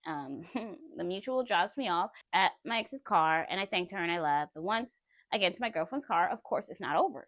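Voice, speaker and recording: A woman vlogger tells her own story with lots of emphasis and frequent laughter. Her pitch swings widely as she talks, and the sound is dry and close with no room echo. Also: a little fast. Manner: animated, emphatic, laughs often. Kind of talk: personal storytelling.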